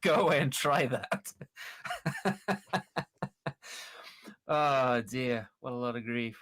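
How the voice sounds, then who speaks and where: A man hosting a casual interview, talking in a halting way with many fillers and frequent laughter. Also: mid-range voice, a bit bright, no room sound. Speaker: interview host.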